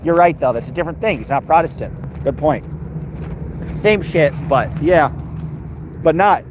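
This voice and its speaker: A man's voice: on the high side, expressive, normal speed, background noise. An American man hosting a livestream, reading and answering chat in a crude, sarcastic, rambling way. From United States.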